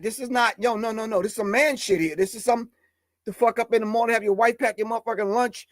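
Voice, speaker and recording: A man with a raspy voice talking casually and bluntly to a live audience about a beat in his studio, cursing and checking that they follow. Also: high-pitched, quick pace, a bit bright, no room sound. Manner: blunt, profane, emphatic, keeps asking if you follow. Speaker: hip hop artist and producer.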